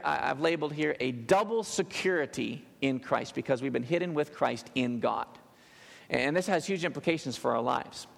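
A man preaching a sermon in a church, his fairly high voice carrying a gravelly edge. He talks in an animated way and tosses joking asides to the congregation. The room gives a long, ringing reverb. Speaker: pastor. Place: church sanctuary.

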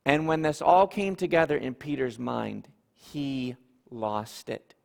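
A man preaching a sermon, telling the story slowly and earnestly with dramatic pauses. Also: medium pitch, fairly even intonation, gravelly. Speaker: pastor. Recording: long hall reverb.

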